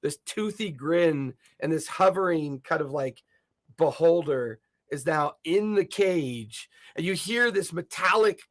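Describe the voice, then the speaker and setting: A man's voice: fairly high pitch, expressive, unhurried. A man narrating a tabletop game as game master, describing scenes vividly and laughing often.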